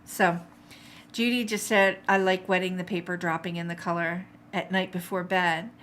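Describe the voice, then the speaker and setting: A woman's voice: on the low side, steady tone, normal speed, a bit bright, a little hiss or hum. A middle-aged woman teaching a live watercolor paint-along, chatty and encouraging, reading out viewer comments as she paints. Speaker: art instructor.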